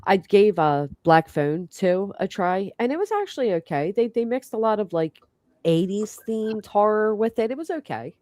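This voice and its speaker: A woman's voice: mid-range voice, big pitch swings, normal speed, darkish tone, dry recording, clean studio sound. A woman chatting casually on a livestream, rambling and heartfelt as she thanks her host. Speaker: livestream guest.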